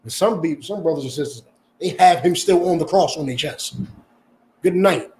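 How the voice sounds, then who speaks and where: Brief: husky male preacher, confrontational lecturing sermon, profane and blunt. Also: on the high side, moderate pace, darkish tone. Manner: lecturing, profane, asks "You understand?" constantly. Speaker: preacher and teacher. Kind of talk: confrontational street-style sermon.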